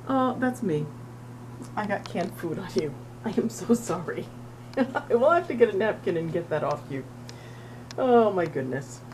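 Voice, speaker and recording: A middle-aged woman volunteering at an animal shelter, chatting casually to the camera and cooing at a cat in a high sing-song voice, laughing often. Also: animated, measured pace, pauses often, a little mellow, a little hiss or hum, poor audio. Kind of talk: casual vlog talking to a cat.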